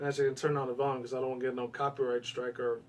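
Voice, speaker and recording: Rapid-fire and medium-pitched, a West Coast American man chats about his gameplay in a wandering, profanity-heavy way, now and then breaking into excited outbursts. The mic sits far from him.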